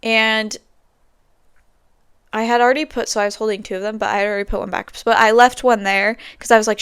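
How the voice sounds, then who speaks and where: A woman's voice: a little high, steady tone, fairly quick, fairly bright tone, clear, resonant tone, no echo, studio quality. A young woman hosting a podcast, telling stories in a rambling, casual way with lots of fillers. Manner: chatty, rambling storytelling with many fillers. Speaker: podcast host. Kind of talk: casual chat.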